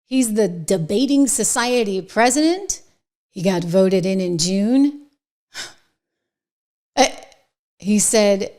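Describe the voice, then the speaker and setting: A middle-aged woman hosting her own political commentary show, talking in an indignant, emphatic, sarcastic way that swings between hushed whispers and loud outbursts. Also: mid-range voice, expressive, takes it slowly, pauses often.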